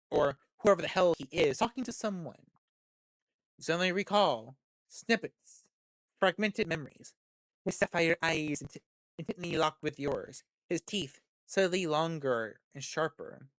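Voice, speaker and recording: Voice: medium pitch, a bit bright, no echo, clean studio sound. A gaming streamer reading a visual novel aloud, joking, laughing and swearing at the story.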